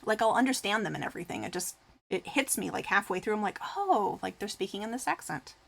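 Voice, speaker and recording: A woman's voice: medium pitch, lively intonation, fast talker, creaky, fairly bright tone. A woman streamer chatting casually with her live viewers, rambling and full of fillers, reading comments aloud and answering them. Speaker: craft streamer.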